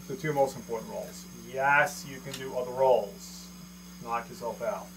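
A man's voice: mid-range voice, steady tone, moderate pace, gravelly, a bit bright. Joking male drum teacher, noisy room. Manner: joking, self-deprecating, counts strokes aloud. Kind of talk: casual video lesson. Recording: noisy room with mains hum and drums.

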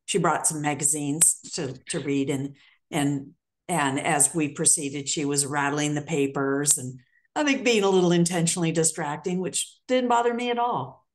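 A woman hosting an interview, calmly recounting a session with a client. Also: deep voice, normal speed. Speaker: host. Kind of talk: conversational interview.

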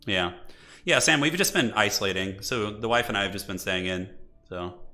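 A man streams his own match, hoarse and slightly rough from a chest cold, with a bright, forward tone. He talks things through aloud as he plays and breaks off to answer viewers. Quiet music runs underneath. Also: on the low side, normal speed. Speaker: game streamer. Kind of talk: live gameplay commentary and chat replies.

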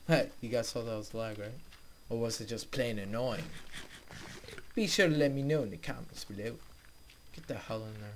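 Young male gamer host, casual chatty play-by-play that turns exasperated, average pitch, faint hiss on the recording. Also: normal speed, pauses often. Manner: chatty, easily frustrated, talks to viewers. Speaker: gaming video host. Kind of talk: casual let's play commentary.

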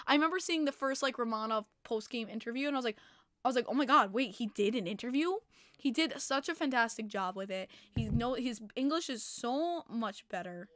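A woman hosting a casual hockey podcast livestream, excitable, laughing often and swearing freely as she reads chat messages. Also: fairly high pitch, no room sound. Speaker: podcast host.

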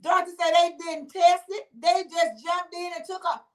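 Lively woman chatting to viewers. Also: very high voice, normal speed. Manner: animated, laughing, exclamatory, talks back to viewers. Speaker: livestream host reading comments. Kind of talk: casual livestream chat.

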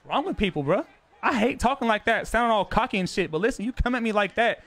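A young man with a high, light voice streams a football video game and talks straight to his chat. He is brash and profane, quick to get defensive and brag about his record. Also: animated, a bit bright. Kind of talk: casual live-stream talk to chat.

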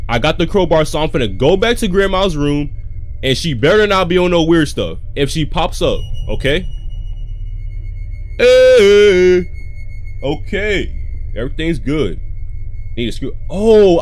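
A man playing a horror game and reacting out loud. He talks in a slangy, jumpy way and shouts and yelps whenever something startles him. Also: medium pitch. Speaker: gaming video creator.

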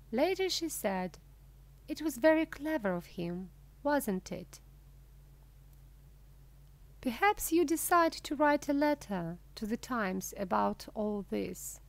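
A woman reading a humorous story aloud as scripted narration, slowly and clearly. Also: fairly high pitch, sing-song, no room sound. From Russia. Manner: slow, clear, deliberate reading. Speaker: audiobook reader. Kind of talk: scripted narration of a graded reader.

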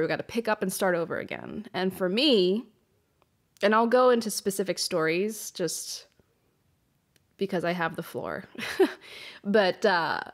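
A young woman hosts a podcast in a casual confessional monologue, blunt and unfiltered, swearing freely and often restarting her phrases. Her voice sits at an everyday middle pitch and comes through a hot, close microphone. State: emotional, runny nose. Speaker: podcast host. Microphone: hot close mic.

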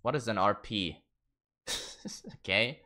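A man's voice: on the low side, slow, sharp tone. A man streaming a game in casual, profane commentary, laughing and getting sidetracked. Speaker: gaming streamer.

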